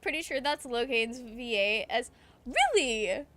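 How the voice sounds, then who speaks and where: A woman's voice: on the high side, very animated, a little slow, bright, forceful tone. A young woman streaming a video game, chatting casually and reading chat aloud, laughing often and ranting with swearing. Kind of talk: casual gameplay commentary.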